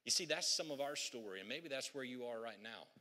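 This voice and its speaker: A male pastor preaching to his congregation, chatty and joking as he retells old stories. His voice is bright and forceful, and it carries through a large reverberant church hall. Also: medium pitch, lively intonation, a little fast. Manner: humorous, conversational, storytelling. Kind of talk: sermon. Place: church sanctuary.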